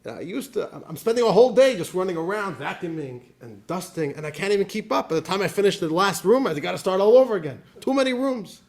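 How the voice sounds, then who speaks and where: A man's voice: sits high, lively intonation, fast talker, hardly any pauses, voice pushed up. A man voicing an elderly mother's plainspoken letter to her sons, homey and fussy in a storytelling class. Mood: fond complaint.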